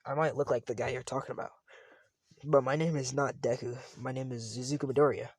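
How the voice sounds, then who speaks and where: A man doing a calm, polite teenage boy. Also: mid-range voice, fairly quick, no room sound, close to an everyday voice. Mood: polite, teasing.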